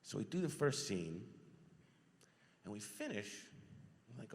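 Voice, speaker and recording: Animated storytelling man in a hall. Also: on the low side, unhurried, slight background noise. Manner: animated storyteller, acts out quotes, laughs often. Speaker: voice actor, panel guest. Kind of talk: convention panel Q&A. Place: large convention hall. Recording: reverberant convention hall.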